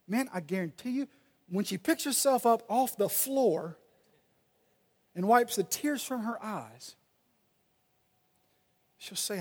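A male pastor preaching a sermon and reading scripture aloud, swinging between loud and soft delivery. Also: high voice, lively intonation, slow, pauses often, husky. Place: church sanctuary. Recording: long reverb of a large hall.

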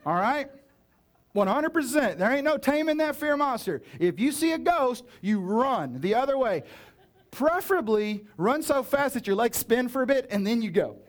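A man's voice: very high-pitched, lively intonation, normal speed. A male pastor preaching a sermon in a casual, joking way, with playful asides and acted-out dialogue.

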